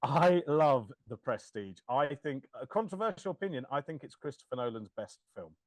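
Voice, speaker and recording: A man's voice: medium pitch, normal speed, no room sound. A man, chatting casually as a podcast co-host, laughing and acting out quoted lines. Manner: animated, laughing, swears, acts out quoted lines. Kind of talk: casual chat.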